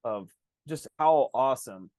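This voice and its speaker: A man's voice: mid-range voice, lively intonation, a little mellow, no room sound. A man co-hosting a podcast, chatting enthusiastically and packing his talk with fillers. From Italian heritage. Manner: fast, enthusiastic, full of fillers like "like". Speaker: podcast co-host. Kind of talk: casual chat.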